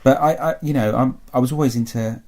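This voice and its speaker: A man's voice: medium pitch, fairly even intonation, fast talker, darkish tone. A man interviewed by his aunt on a podcast, answering in a hesitant, rambling way. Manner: hesitant, rambling, laughs easily. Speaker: interview guest. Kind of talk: casual interview.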